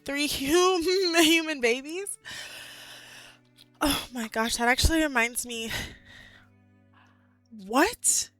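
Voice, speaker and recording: Bright-voiced chatty young woman. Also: high voice, takes it slowly, long pauses, dry recording, soft background music. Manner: chatty, animated, many "like"s and laughs. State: a bit out of breath. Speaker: streamer. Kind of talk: casual chat with live chat.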